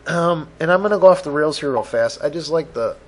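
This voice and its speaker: Talking a little fast in an animated, higher-pitched voice, this man runs a one-person podcast with a faint hiss or hum in the audio. It's a profane, self-deprecating ramble that hops between topics, and he says he's feeling grumpy.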